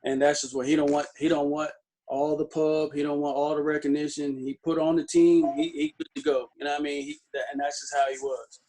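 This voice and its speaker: A male interview guest with a fairly high voice. He rambles through his stories and fills them with restarts and small fillers. His delivery is casual and easygoing. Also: flat delivery, fairly quick, mellow. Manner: loose storytelling, many fillers and restarts.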